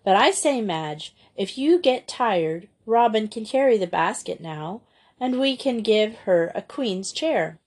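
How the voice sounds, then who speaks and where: A woman reading aloud voices an eager, lively young English schoolgirl who speaks in a breezy, enthusiastic way. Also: mid-range voice, measured pace.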